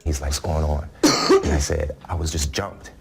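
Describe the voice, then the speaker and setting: A man's voice: very deep voice, normal speed, gravelly, loud music behind the voice. A man giving a television interview, recounting events in an earnest, emotional way. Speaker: interview guest.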